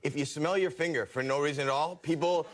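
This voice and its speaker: A man's voice: on the high side, a little fast, background noise. A man from Canada, a talk show guest telling comic stories with stammering restarts and a self-deprecating manner.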